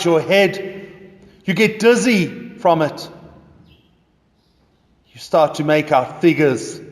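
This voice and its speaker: A man preaches slowly and dramatically, walking his listeners through a story. His somewhat high voice rings out in a church with a long reverb. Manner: dramatic storytelling in second person. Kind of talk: sermon.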